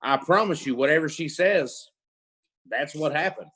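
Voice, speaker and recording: A man in his thirties with a slightly high voice co-hosts a casual chat. He is blunt and plain-spoken. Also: normal speed, a bit bright, slightly rough. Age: 30s. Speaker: host.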